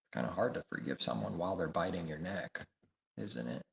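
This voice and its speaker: A man's voice: deep voice, lively intonation, fairly quick, vocal fry. A man preaching a sermon, emphatic and repetitive, firing rhetorical questions. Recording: echoey room, dull lo-fi sound.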